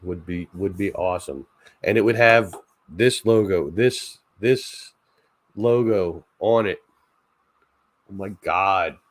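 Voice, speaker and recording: A man's voice: deep voice, slow, long pauses, no echo. A man hosting a casual late-night chat stream, rambling and joking, often laughing at his own ideas. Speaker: channel host.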